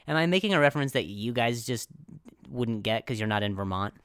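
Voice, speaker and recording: A man hosting a podcast, telling a comic story in an animated, self-deprecating way, laughing often and jumping into high put-on voices for quotes. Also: fast, smooth, no echo, clean studio sound. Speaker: podcast host. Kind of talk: comedic storytelling.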